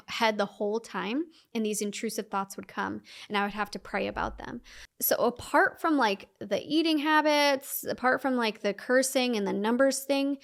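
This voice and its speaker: A young woman telling her personal story as a podcast guest, talking fast with many fillers and acting out her past self's inner voice. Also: mid-range voice, vocal fry, a bit bright.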